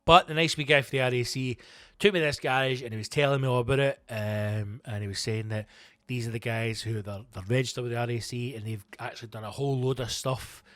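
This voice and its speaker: Man, comedian host, profane, animated, self-mocking, dry close recording. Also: medium pitch, fast, no room sound. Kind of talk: comic storytelling monologue.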